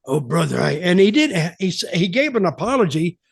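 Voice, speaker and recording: A man's voice: high-pitched, sing-song, fairly quick, no room sound, clean studio sound. An older man hosting a podcast who tells rambling, blunt, conversational stories. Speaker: podcast host. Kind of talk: casual storytelling.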